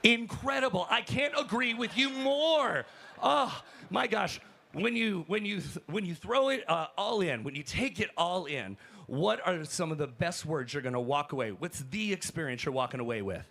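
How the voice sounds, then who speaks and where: Shouty high gravelly hype man. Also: normal speed, a little hiss or hum. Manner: energetic, shouting to crowd. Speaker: roving hype host. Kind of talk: live event hosting. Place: crowded convention floor.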